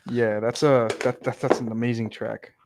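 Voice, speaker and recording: A man chatting casually on a livestream about building PCs and racing, excitable and talkative. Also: mid-range voice, moderate pace, background noise. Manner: excitable, chatty, laughs often.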